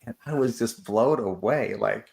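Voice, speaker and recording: A man's voice: fairly low pitch, normal speed, gravelly, a little mellow. A man who is an assistant wrestling coach, talking casually in an interview and telling stories full of fillers and acted-out quotes. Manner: storytelling, acts out quoted exchanges, many fillers.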